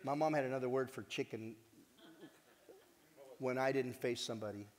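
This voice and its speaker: A man giving a heartfelt conference talk as the organization's director, earnest and animated, joking with the audience now and then. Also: medium pitch, moderate pace. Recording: long hall reverb.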